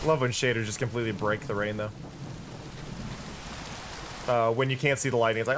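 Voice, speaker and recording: A man's voice: mid-range voice, fairly even intonation, fairly quick, long pauses, noisy background. A tired-sounding man streaming a game, thinking aloud in casual commentary with frequent restarts. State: tired, yawning.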